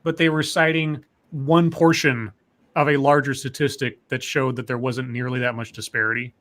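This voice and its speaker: A man's voice: medium pitch, level tone, moderate pace, a bit bright. A man hosting a podcast, talking casually and musing aloud with questions and restarts. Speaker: podcast host. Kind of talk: casual chat.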